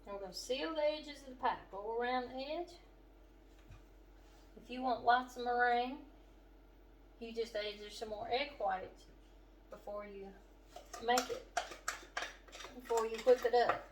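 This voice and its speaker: A middle-aged woman with a western Kentucky accent, hosting a home cooking demonstration in her kitchen and chatting warmly to the viewer. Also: on the high side, unhurried, pauses often, slight background noise. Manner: homey and chatty, talking straight to the viewer. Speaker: cooking show host.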